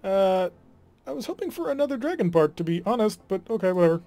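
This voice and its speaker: A man hosting a let's play, talking through his game in a chatty, wry way and sighing when things go wrong. His voice sits a bit on the high side. Light music runs beneath his talk. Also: very animated, fast, mellow. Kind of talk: casual gameplay commentary.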